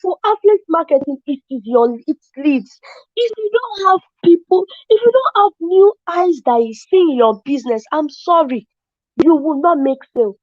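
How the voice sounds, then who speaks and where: Woman, high voice, excitable storyteller, dull lo-fi dry recording. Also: normal speed, no room sound. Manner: excitable, keeps saying "as in". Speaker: affiliate marketer sharing her experience. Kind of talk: casual testimonial storytelling.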